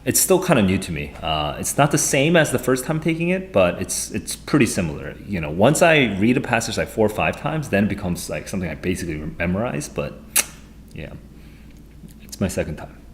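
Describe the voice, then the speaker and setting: Low-voiced man rambling through a live tutoring stream. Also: fairly quick. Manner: excitable, rambling, thinks aloud. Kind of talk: live-streamed test walkthrough.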